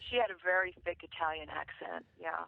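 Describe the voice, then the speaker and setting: A woman's voice: lowish voice, fairly quick, gravelly, no echo. A woman from England, a guest chatting casually and candidly in an interview. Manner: relaxed, candid, laughing easily. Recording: tinny phone line.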